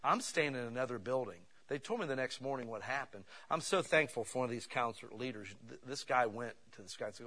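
A man preaching a sermon, telling personal stories in an animated way that swings between loud bursts and hushed asides. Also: mid-range voice, fast talker, few pauses.

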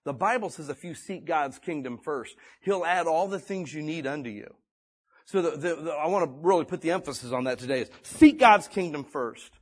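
A male pastor preaching a sermon in a folksy, conversational way, swinging between loud and hushed delivery. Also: a little high, expressive, fairly quick, breathy edge. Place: church or meeting room.

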